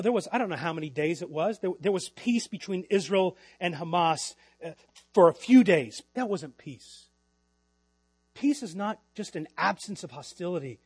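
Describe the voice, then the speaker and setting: A middle-aged male pastor with a fairly high voice delivers a sermon in church. He rises to loud, emphatic lines and then drops to quiet, slowed phrases. The recording is dry and close, with a faint mains hum underneath. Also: slightly rough, no room sound. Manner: preaching with swings between loud emphasis and quiet, drawn-out lines.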